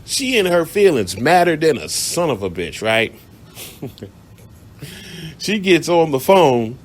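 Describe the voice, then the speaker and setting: Brief: a male radio host with a somewhat high voice, blunt and profane, spinning casual stories. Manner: profane, blunt, laughs while telling stories. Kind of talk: casual storytelling monologue.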